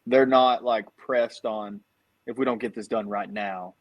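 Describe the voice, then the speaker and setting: A man's voice: on the low side, measured pace. Easygoing man chatting as a guest. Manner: easygoing, quotes customers in lively voices. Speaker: guest, dent repair tech. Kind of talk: casual podcast chat.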